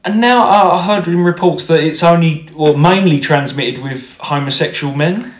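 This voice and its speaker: A man's voice: fairly high pitch, normal speed. A man co-hosting a casual podcast, rambling and joking, swearing freely. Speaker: podcast co-host. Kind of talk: casual chat. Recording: echoey room.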